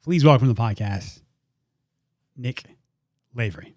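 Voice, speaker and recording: A man's voice: medium pitch, lively intonation, unhurried, darkish tone. A man hosting a podcast, giving an earnest introduction and then interviewing his guest, often repeating words as he gathers his thoughts. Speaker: podcast host.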